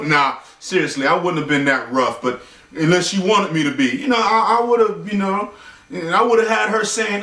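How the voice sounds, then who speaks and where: A man telling a bedtime story in a casual, animated, slangy way, with joking asides. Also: high-pitched, normal speed. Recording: echoey room, voice far from mic.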